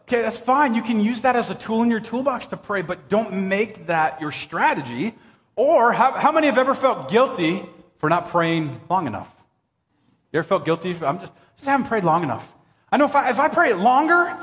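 A middle-aged man preaching a sermon as pastor, conversational and animated, telling jokey stories with bursts of shouting. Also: high voice. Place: church hall. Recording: long hall reverb.

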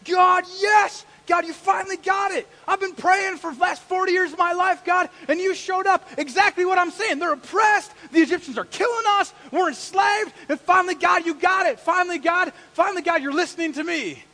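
A man voicing an excited, then anxious, middle-aged male Moses, exclaiming and pleading. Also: very high-pitched, normal speed, few pauses, raised voice, big-room sound, voice pushed up, heavily acted. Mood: elated shouting.

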